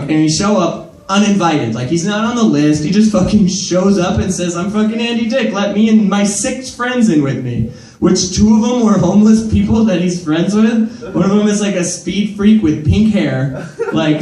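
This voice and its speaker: Young guy doing stand-up, high voice, swears a lot, rambles, roomy club sound from far off. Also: darkish tone. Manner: profane, rambling, with frequent fillers. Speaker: stand-up comedian. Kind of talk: stand-up storytelling. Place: comedy club.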